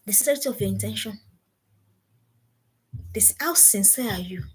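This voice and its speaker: Husky-voiced woman giving emphatic parenting talk. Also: medium pitch, moderate pace. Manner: emphatic, repeats key phrases as commands. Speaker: parenting coach. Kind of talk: motivational seminar talk.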